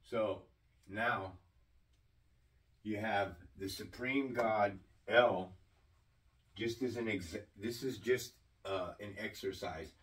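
A man preaching a sermon-style teaching, slow and deliberate, often asking his listeners questions. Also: on the low side, far from the mic, poor audio.

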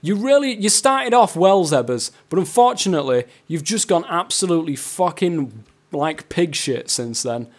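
A man's voice: on the high side, animated, normal speed. A gaming YouTuber giving casual, swearing, laughing commentary as he plays a football game. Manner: swears a lot, laughs, shouts at players.

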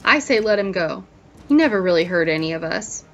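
A woman's voice: lowish voice, lively intonation, brisk. A woman voicing an earnest, kind-hearted female leafcutter ant, on a dull lo-fi recording. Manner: earnest, blurting.

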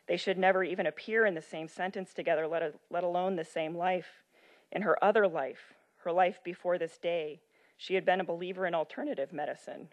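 Woman lecturer reading aloud, lower voice. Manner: expressive reading, then loose talk with many ums. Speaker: medical ethics lecturer.

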